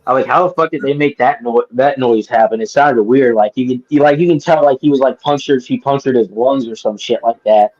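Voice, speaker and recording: Man, casual co-host, mid pitch, rambling, filler-heavy, dull lo-fi sound. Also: darkish tone. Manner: rambling, halting, many fillers. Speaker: co-host guest. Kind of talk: casual chat.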